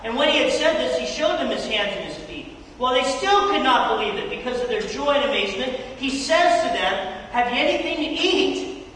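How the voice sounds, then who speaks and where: Animated preacher in an echoey hall. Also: mid-range voice, fairly quick, hardly any pauses. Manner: animated, acts out scripture scenes with casual slang. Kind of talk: sermon. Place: church sanctuary. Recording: echoey church hall, distant mic, faint noise.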